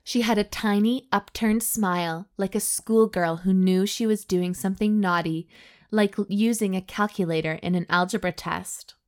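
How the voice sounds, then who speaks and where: A woman's voice: mid-range voice, steady tone, normal speed, darkish tone. A woman co-hosting a comedy podcast, reading an erotic story aloud with mock drama and stopping to joke. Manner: reads with mock drama, stops to joke and laugh.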